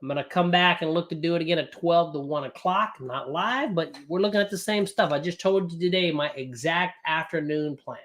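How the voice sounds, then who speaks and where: Brief: male live-stream trading host, bright ringing voice, blunt and profane, lots of energy. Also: on the high side, brisk, hardly any pauses. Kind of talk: live-streamed casual teaching.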